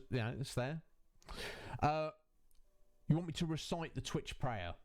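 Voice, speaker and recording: A man's voice: mid-range voice, a little mellow. Chatty male streamer on a headset. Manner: chatty, answers viewers' chat messages, rambling asides. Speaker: Twitch streamer and host. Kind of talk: casual live-stream chat.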